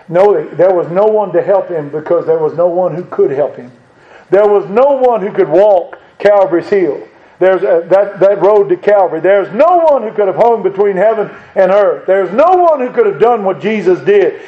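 A man's voice: on the high side, dull audio. A man preaching a sermon in a church, acting out the voices of scripture figures and rising in force as he goes.

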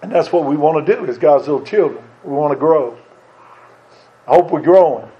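A man's voice: fairly high pitch, brisk. A man preaching a sermon as pastor, asking his congregation rhetorical questions. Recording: dull lo-fi sound.

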